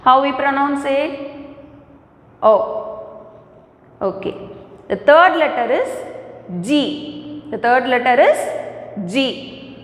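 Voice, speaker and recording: A woman's voice: sits high, animated. A woman teaching kindergarteners in an online lesson with an Indian English accent, asking the class the same questions again and again. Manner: slow, repetitive questions to the class. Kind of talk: online lesson for young children. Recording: echoey hall, voice from a distance.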